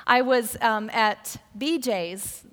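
A woman's voice: on the high side, takes it slowly, fairly bright tone. An older woman preaching a sermon, telling a personal story and often repeating words as she restarts. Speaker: pastor. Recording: long reverb of a hall.

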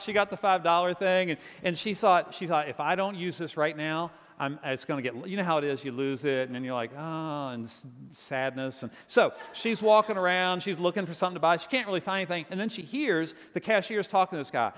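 A man from Virginia, a pastor preaching a sermon and telling stories with lively quoted voices. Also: fairly high pitch, big-room sound.

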